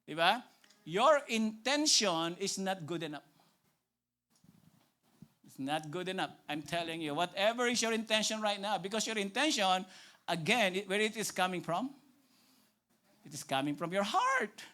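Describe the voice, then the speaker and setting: A male pastor with a Filipino accent preaching a sermon, emphatic and repetitive, often asking "right?" and dropping to a hushed, pleading tone. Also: high-pitched, expressive, normal speed, pauses often. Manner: emphatic, repeats phrases, asks "right?" often; shifts between loud preaching and hushed pleading.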